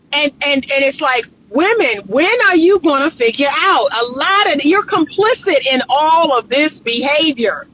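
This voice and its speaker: A woman's voice: high voice, expressive, measured pace, a bit bright, slight background noise, low-quality recording. A woman relationship coach giving reaction commentary, emphatic and lecturing, repeating her points.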